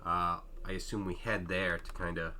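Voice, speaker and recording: A man's voice: deep voice, little pitch movement, moderate pace, sharp tone. A man playing in a tabletop game, talking hesitantly as he thinks aloud through a plan.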